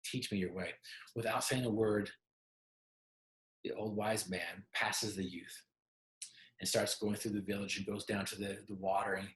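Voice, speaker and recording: An emphatic male motivational speaker tells a story and puts questions straight to the listener. His voice sits fairly low. The room around him rings with echo. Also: flat delivery, a little slow, long pauses, a bit bright. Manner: emphatic, asks the audience questions directly. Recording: roomy echo.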